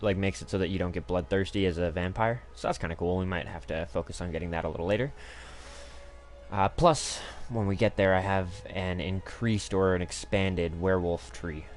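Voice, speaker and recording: A man streaming a game live, giving casual commentary in a crude, profane, rambling way with lots of fillers. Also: low voice. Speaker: gaming streamer.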